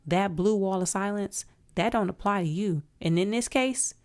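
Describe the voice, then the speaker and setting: A woman's voice: mid-range voice, moderate pace. A woman hosting a solo commentary podcast, outspoken and emphatic, talking straight to her listeners. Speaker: podcast host.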